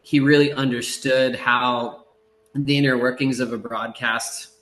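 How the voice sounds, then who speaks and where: A middle-aged man chatting as a podcast guest, telling rambling, relaxed stories with many fillers and acted-out quotes. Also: mid-range voice, measured pace, echoey room. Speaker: surf broadcaster, podcast guest. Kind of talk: casual storytelling in a podcast interview.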